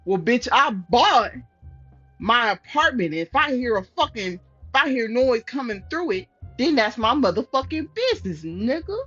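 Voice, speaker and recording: A woman streamer reading a story game aloud and reacting with loud, profane, animated trash talk. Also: a little high, moderate pace, husky, muffled recording, soft background music. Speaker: gaming streamer.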